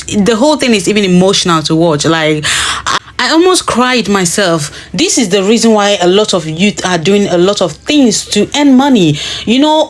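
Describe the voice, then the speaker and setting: A woman giving an earnest, dismayed news commentary to her viewers. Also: mid-range voice. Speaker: vlogger.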